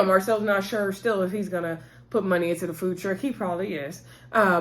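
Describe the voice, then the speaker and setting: A woman giving a casual, rambling recap of a TV episode. She laughs often and acts out what the people on the show said. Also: medium pitch. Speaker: TV show reviewer.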